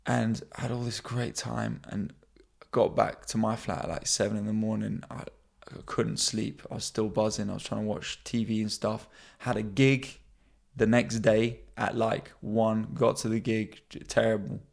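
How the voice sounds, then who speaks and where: A young man, a comedian hosting his own podcast, telling stories in a casual, animated way and jumping into high voices when he quotes people. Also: moderate pace, vocal fry. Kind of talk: casual storytelling monologue.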